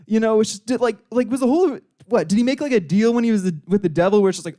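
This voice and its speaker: A young man with a fairly high voice does stand-up at a student club open mic. He rambles through crude bits, leaning on "you know" fillers and slipping into silly character voices. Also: fast, hardly any pauses, mellow. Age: young adult. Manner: puts on voices for joke characters. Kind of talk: stand-up comedy.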